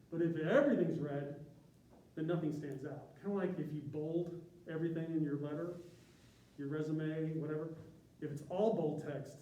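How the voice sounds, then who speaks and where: A man gives a casual presentation, drifting through tangents and restarting his sentences. His voice sits a little high and has a mellow tone. It is recorded from a distance in a roomy, echoey space. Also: muffled recording. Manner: conversational, rambling with tangents and restarts. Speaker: university graphic designer giving a presentation. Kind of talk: informal presentation to a group. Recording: echoey room from a distance, faint ambience.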